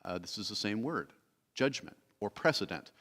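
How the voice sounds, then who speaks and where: A man's voice: on the low side, expressive, normal speed, fairly bright tone. A man teaching a Bible study sermon in a church, explaining patiently, reading verses aloud and correcting himself as he goes. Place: church sanctuary. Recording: long hall reverb.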